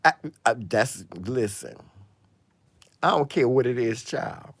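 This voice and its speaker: A man vlogging a casual monologue, telling gossipy stories in a sassy, dramatic way, full of "honey" and "child" and sudden loud exclamations. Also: mid-range voice, animated, takes it slowly, breathy edge. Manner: dramatic exclamations and swings in loudness.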